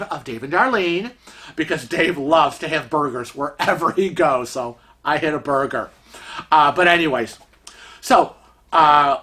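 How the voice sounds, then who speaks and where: Chatty man telling a story. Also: a little high. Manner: chatty, lots of fillers, animated. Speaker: vlogger. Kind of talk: casual storytelling.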